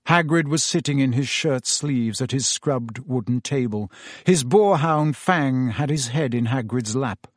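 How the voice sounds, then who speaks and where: A man narrating a story aloud in a steady, even audiobook reading. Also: medium pitch, a little slow, no room sound, clean studio sound.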